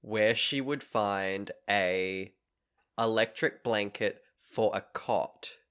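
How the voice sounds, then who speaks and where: Very low-voiced woman. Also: slow pace, a bit bright, clean tone. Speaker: podcast co-host. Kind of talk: casual chat.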